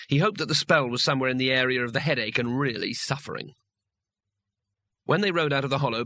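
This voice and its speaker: A man's voice: mid-range voice, pushed and bright, no echo. A man narrating a comic fantasy audiobook in a dry, wry storytelling manner.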